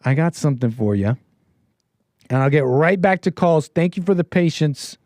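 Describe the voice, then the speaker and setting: A man hosting a casual livestream call-in show, rambling and correcting himself, his voice swinging between quiet asides and louder bursts. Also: fairly high pitch, lively intonation, moderate pace, no room sound, studio quality. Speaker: livestream host.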